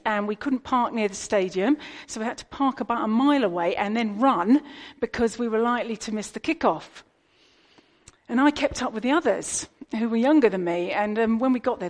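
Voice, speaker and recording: A woman's voice: on the high side, darkish tone. British woman preaching a chatty sermon. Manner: chatty and conversational, with asides to the congregation.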